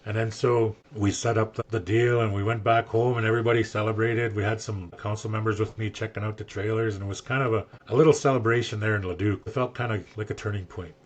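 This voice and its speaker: Husky, low-voiced older man. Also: fairly even intonation, fast talker, few pauses. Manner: earnest, emotional storyteller who acts out quoted speech. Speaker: guest sharing his story. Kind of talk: personal storytelling.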